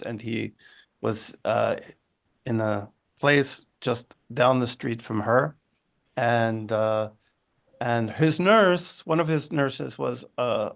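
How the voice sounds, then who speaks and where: A man, a guest on a video call from his living room, telling a personal story in a halting way with many restarts. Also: medium pitch, gravelly. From United States. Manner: halting, with frequent restarts and asides. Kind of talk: conversational storytelling.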